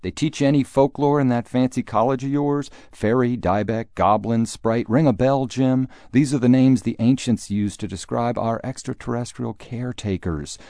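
A man voicing a blustering, older, wealthy conservative father who lectures loudly in a folksy manner. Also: moderate pace, hardly any pauses, dry recording, studio quality, close to an everyday voice. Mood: hectoring. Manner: booming, hectoring, folksy, sometimes fake Texan.

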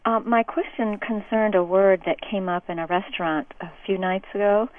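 A woman calling in to a radio show, asking her question in a measured, plain way. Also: medium pitch, dry recording. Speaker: caller. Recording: tinny phone line.

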